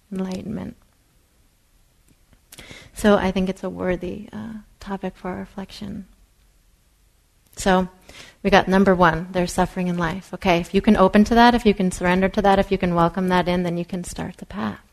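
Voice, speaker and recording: A woman meditation teacher giving a dharma talk in a soft, unhurried way, sometimes dropping to a whisper. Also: medium pitch, creaky, low-quality recording. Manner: soft-spoken, drops to a whisper at times.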